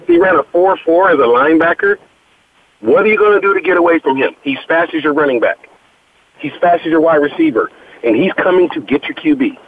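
Man, high-pitched, animated, joking sports banter, punchy quips, tinny phone-like sound. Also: brisk. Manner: joking, punchy one-liners, laughs at own quips. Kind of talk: casual sports talk. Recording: phone-like lo-fi audio.

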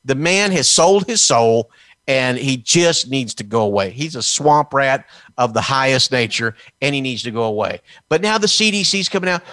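A man from Texas delivering a fiery political commentary, sarcastic and combative. His voice sits at an ordinary middle pitch. The sound is dry and close, with no room echo. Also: big pitch swings, normal speed, a bit bright. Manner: combative and sarcastic, mocking officials in put-on quotes. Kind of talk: heated political talk.

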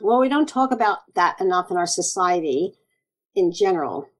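Animated woman doctor telling stories. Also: lowish voice, normal speed, rough recording. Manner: earnest, animated storytelling with quoted asides. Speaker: naturopathic doctor, guest. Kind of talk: conversational interview.

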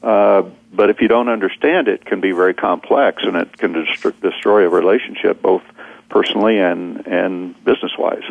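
Gravelly low-voiced man on a phone line. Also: normal speed, dry recording. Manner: rambling, repeats words, many fillers. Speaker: seminar speaker and guest. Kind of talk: storytelling in conversation.

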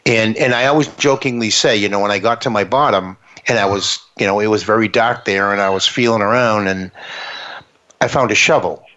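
Man talking slow and earnest, kinda muffled lo-fi audio. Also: lowish voice, sharp tone. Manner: reflective, earnest, restarts phrases. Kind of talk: conversational interview talk. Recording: dull lo-fi sound.

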